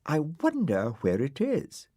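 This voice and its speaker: A man's voice: fairly high pitch, huge pitch swings, slow pace, warm tone, no echo, clean studio sound, voice pushed up, full character voice. A man voicing an earnest, polite little girl in a storybook, wide-eyed and easily offended. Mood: innocent.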